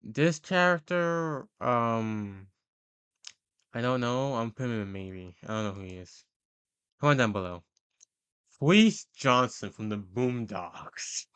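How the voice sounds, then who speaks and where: A man's voice: medium pitch, expressive, takes it slowly, fairly bright tone, clear, resonant tone. A man giving casual, rambling tier-list commentary, hesitating often and correcting himself mid-sentence. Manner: hesitant and rambling, many fillers and self-corrections. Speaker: video host ranking characters.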